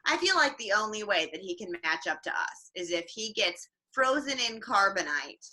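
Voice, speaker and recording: Playing a jaded space princess who is also a middle-aged mother, a woman comedian gripes wearily and sardonically, adding mock-weary asides. Her mid-range voice is sharp and sing-song at normal speed, heard over a livestream mic during her in-character stand-up set.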